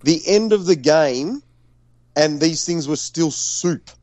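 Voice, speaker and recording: A man's voice: on the high side, slow, no echo. Sweary Australian man telling a story. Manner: animated, profane, storytelling. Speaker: podcast co-host. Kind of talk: casual sweary banter.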